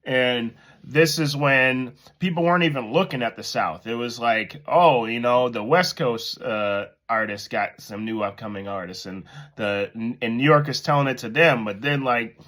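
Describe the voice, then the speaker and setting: A man casually commenting and telling a story to his viewers, animated and laughing at himself. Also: medium pitch, moderate pace. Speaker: host commentator.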